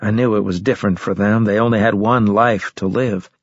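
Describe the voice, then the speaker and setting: A husky male voice tells a first-person story in a steady, measured delivery with a grim weight. The recording is dry and a touch muffled, with no room sound around him. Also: on the low side, dry recording. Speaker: audiobook narrator. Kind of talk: first-person scripted narration.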